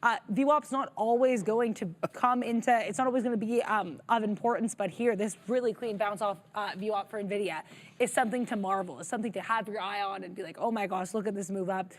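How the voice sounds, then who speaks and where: A woman's voice: medium pitch, brisk. A woman co-hosting a live trading show, giving chatty, upbeat market commentary with many fillers and reading viewer messages aloud.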